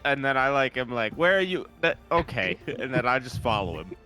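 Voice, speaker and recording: A man's voice: medium pitch, a little fast, bright, forceful tone, faint music behind. A man playing a tabletop game, speaking in character with incredulous questions and frequent stammers. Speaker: player.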